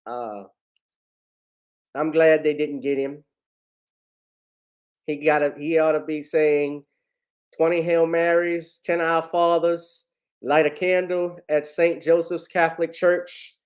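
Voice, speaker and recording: A man's voice: fairly high pitch, flat delivery, slow, pauses often, poor audio. A man vlogging casual commentary, talking in a rambling way to his viewers as family.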